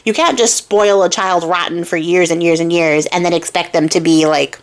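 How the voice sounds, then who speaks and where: A woman's voice: lowish voice, steady tone, normal speed. A woman hosting a craft channel who retells a fairy tale in a chatty, wry, casual way and laughs often. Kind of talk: casual storytelling vlog.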